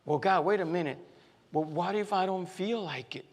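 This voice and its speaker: A man preaching a sermon in a conversational way, often repeating phrases for emphasis and pausing on fillers. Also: high-pitched. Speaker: pastor. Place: church sanctuary. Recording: long hall reverb.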